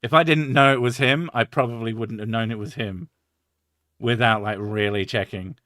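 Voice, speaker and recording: A man's voice: mid-range voice, steady tone, moderate pace, sharp tone, no echo, clean studio sound. A man hosting a stream, rambling and swearing, laughing often in casual chat. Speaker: streamer host.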